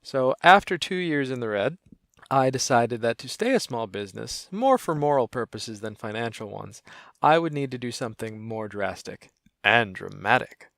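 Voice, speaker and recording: Wry, deadpan man, dry close sound. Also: mid-range voice, moderate pace, gravelly, no echo. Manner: deadpan, wry and self-mocking. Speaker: comedian and small business owner. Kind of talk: crowdfunding pitch to camera.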